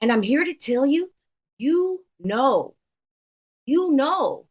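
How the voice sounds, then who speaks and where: A woman's voice: high-pitched, big pitch swings, slow, darkish tone. A woman guest on a podcast, talking in an earnest, reflective way and repeating words for emphasis. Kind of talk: casual interview conversation.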